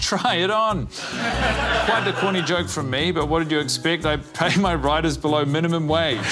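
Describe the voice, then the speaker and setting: A man with a high, light voice and a New Zealand accent hosts a comedy spelling bee. He delivers deadpan, mock-grand quips over loud studio laughter and music. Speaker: quiz show host. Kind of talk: comedic game show hosting.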